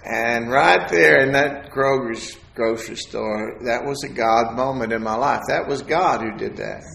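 A man's voice: mid-range voice, measured pace, creaky, a bit bright, roomy sound, a little hiss or hum. A man preaching a testimony, telling a folksy story and acting out the voices of the people in it. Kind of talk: sermon testimony.

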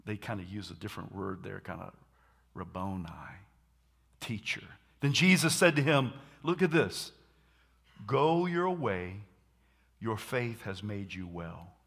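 A man preaching a sermon, animated, acting out scenes and shouting dramatically. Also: lowish voice, measured pace, vocal fry, slightly rough.

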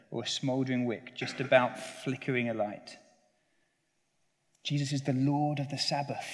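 A man preaching a sermon as pastor, reading scripture earnestly and praying with his listeners. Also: mid-range voice. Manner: earnest preaching, swelling on scripture and dropping soft at the close. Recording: long church reverb.

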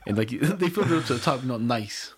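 A man's voice: medium pitch, lively intonation, fast, breathy edge. A young man in casual chat, telling a rambling story full of slang and cursing.

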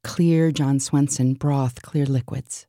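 A woman reciting a surreal spoken-word list in a deadpan, absurd manner. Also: rumbling low, takes it slowly, no echo, clean studio sound.

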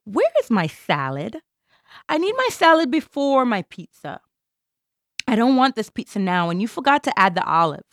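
A demanding diner customer who scolds in sharp, clipped bursts. Her voice carries a gravelly rasp and sits close and dry on the mic. A woman acts her out in a stage monologue. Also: fairly low pitch, sing-song, normal speed, few pauses, dry recording. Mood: scolding.

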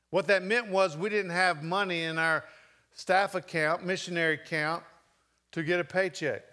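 A man's voice: on the high side, sharp tone. A middle-aged man preaching a sermon, telling a personal story with emotion and earnest emphasis. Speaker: pastor.

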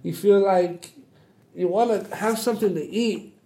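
A young man with a deep, raspy voice from smoking, talking casually in an interview, halting and repeating himself with lots of "like". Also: mellow. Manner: halting, repeats words, says "like" often. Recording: roomy echo.

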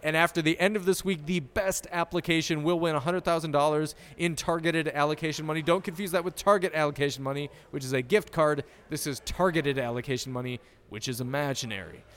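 Hosting a laid-back sports podcast, this man speaks fairly quickly in a fairly high voice, barely pausing. His style is sarcastic and joking, full of deadpan insults.

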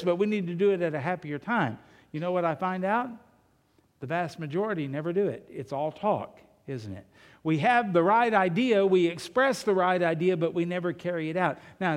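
A male pastor preaching a sermon in a church, talking conversationally, asking rhetorical questions and telling humorous anecdotes. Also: high voice. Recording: long reverb of a large hall.

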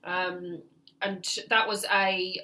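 A woman's voice: lowish voice, little pitch movement, slow pace, bright, forceful tone. A woman co-hosting a casual film podcast, enthusiastic and blunt, swearing casually. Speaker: podcast co-host.

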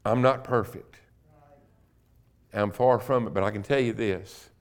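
A middle-aged man, a guest preacher in a church, telling his own conversion story and building to loud, emphatic preaching. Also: on the low side, a little slow. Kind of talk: sermon. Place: church sanctuary.

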